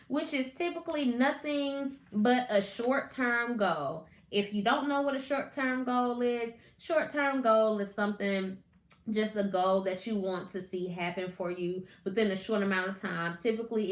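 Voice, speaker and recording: Chatty woman host in an echoey room. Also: medium pitch. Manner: chatty, greets viewers by name. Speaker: podcast host. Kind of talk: casual live-stream talk.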